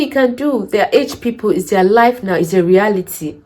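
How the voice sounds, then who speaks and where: A woman's voice: mid-range voice, lively intonation, a little fast, a little mellow, poor audio. A woman talks through care job interview advice in a casual vlog, in an ordinary mid-range voice. She tells stories with energy, acts out the dialogue in her own voice and drives her points home with emphatic questions.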